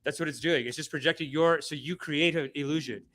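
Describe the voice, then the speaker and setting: A man's voice: on the high side, steady tone, a little fast, a bit bright. A young man hosting a satirical spiritual-guru livestream, mock-preachy and playful, reading chat comments and mimicking people. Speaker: comedy guru host.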